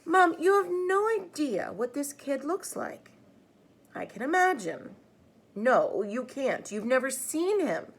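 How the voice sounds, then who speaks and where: A woman's voice: sits high, big pitch swings, takes it slowly, voice pushed up, heavily acted. A woman voicing a defensive middle-school boy who insists and argues with growing agitation. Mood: insistent.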